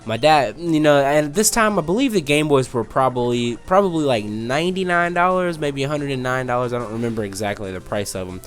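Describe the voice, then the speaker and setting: A man's voice: mid-range voice, animated, fairly quick, few pauses. Rambling young man narrating gameplay. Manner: rambling, distracted, restarts mid-sentence while playing. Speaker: let's play host. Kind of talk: casual gameplay commentary with storytelling.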